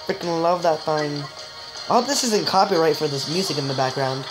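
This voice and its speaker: A woman giving joking, excitable let's-play commentary, chatting straight to viewers and letting out sudden high yelps. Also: fairly quick, low-quality recording. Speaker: gamer. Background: game music.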